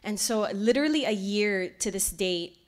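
A woman from Hawaii, giving a lecture as a heartfelt storyteller who often drops to a hushed near-whisper. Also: mid-range voice, animated, normal speed. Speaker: lecture speaker.

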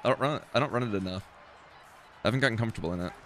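A man's voice: fairly low pitch, rapid-fire, slight background noise. Man muttering over a football video game. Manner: swearing, self-deprecating, talks to himself while playing. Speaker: gaming streamer. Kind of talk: casual gameplay commentary.

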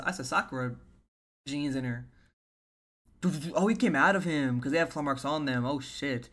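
A man's voice: medium pitch, normal speed, a bit bright. Hyped man reacting to a manga. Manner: hyped slangy reactions, stammering restarts. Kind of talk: casual manga read-along reaction.

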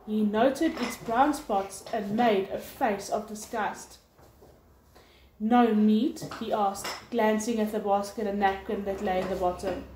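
A woman teacher reading a novel aloud in steady storybook narration. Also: medium pitch. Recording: echoey room with faint hiss.

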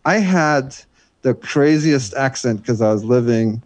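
German-accented drummer, rambling casual chat. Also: male voice, medium pitch, animated, a little slow, darkish tone, no room sound. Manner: loose and rambling, many fillers and restarts. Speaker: guest jazz drummer.

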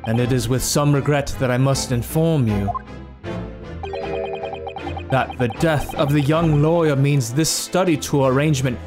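A man's voice: mid-range voice, a little slow, pauses often, over music, pitched below the performer's own voice, close to an everyday voice. A man voicing a pompous older British judge with a put-on, patchy British accent and stately, proud declarations. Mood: formal. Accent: put-on British, mixed.

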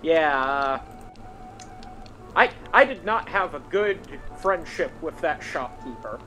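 A man's voice: on the high side, expressive, slow pace, pushed and bright, soft background music, low-quality recording. A man chatting easily with a friend while they play a game together. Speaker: gaming friend. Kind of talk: casual gaming chat.

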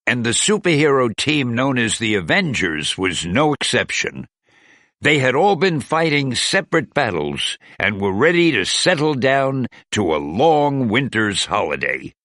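A man reading a storybook to children, slow and gentle with a very lively, bright voice. The recording is dry and close. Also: medium pitch, dry recording. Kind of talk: read-aloud storytelling.

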